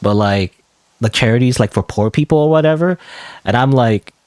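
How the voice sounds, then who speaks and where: A man's voice: medium pitch, moderate pace, a little mellow, no echo. A young adult man giving chatty, rambling let's play commentary with lots of fillers. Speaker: gamer.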